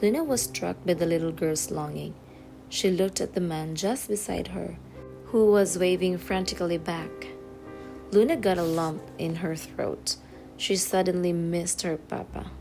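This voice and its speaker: A woman reading a children's novel aloud with gentle, expressive narration. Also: fairly low pitch, measured pace, vocal fry, soft background music. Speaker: storyteller. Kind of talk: children's book read-aloud.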